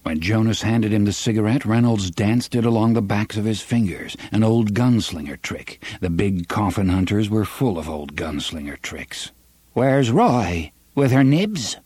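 A man reading a western novel aloud as audiobook narrator, with an expressive, varied delivery on a close studio mic. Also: lowish voice, moderate pace, few pauses, husky, no echo. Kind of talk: scripted narration.

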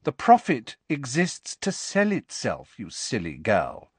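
A man's voice: medium pitch, huge pitch swings, slow, breathy edge, no echo, voice pushed up, exaggerated voice. A man voicing a sneering middle-aged gossip reporter woman. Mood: scornful. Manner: sneering, cold, witheringly sarcastic.

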